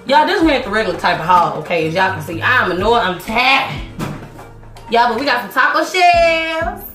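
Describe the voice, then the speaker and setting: Mom vlogging her grocery haul, kinda high voice, sassy, fussing at the kids, echoey kitchen w music. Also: very animated, normal speed, fairly bright tone. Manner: sassy, teasing, scolding kids between price talk. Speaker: family vlogger. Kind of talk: casual grocery haul vlog. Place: home kitchen with children around.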